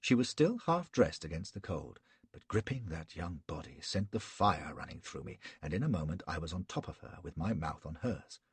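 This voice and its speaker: Gravelly, raspy low-voiced male narrator. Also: very animated, moderate pace, hardly any pauses, no room sound. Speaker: audiobook narrator. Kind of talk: first-person audiobook narration.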